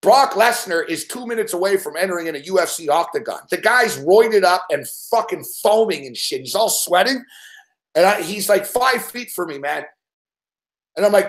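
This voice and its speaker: A man's voice: sits high, expressive, normal speed. A man telling a rambling story in casual chat, swearing constantly and acting out growls and laughs. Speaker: show regular telling a story.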